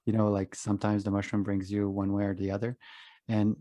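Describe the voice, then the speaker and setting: A young man with a fairly low voice hosts a casual podcast, telling a personal story in a frank way full of swearing. He acts out his inner voice as he goes. The sound is dry and close to the mic. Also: monotone, brisk, dark tone, no echo. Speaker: podcast host.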